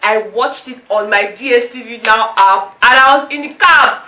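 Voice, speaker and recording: A young Nigerian woman vlogger recapping reality-show drama, animated and slipping into pidgin. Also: a little high, moderate pace. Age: young adult. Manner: animated, slips into pidgin, acts out quotes. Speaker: entertainment vlogger. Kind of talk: excitable gossip recap. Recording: roomy echo.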